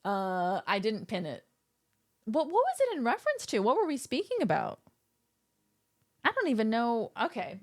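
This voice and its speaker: A woman's voice: on the high side, huge pitch swings, normal speed, pauses often. A young adult woman livestreaming from her home setup, chatting with viewers in a playful, rambling way with goofy asides. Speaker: live streamer. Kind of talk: casual chat with stream viewers.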